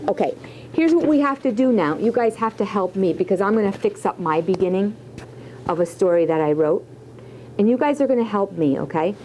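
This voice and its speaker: A woman's voice: mid-range voice, expressive, brisk, mellow, a little hiss or hum, low-quality recording. A woman teacher leading a writing lesson, asking question after question and encouraging her students. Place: classroom.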